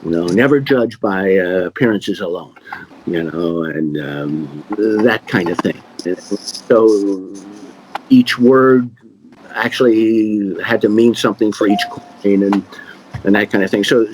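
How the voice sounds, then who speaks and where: A middle-aged man, a magician, answering questions in a relaxed, rambling way with many fillers and restarts. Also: on the low side, unhurried, a little hiss or hum, rough recording. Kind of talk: casual conversational Q&A.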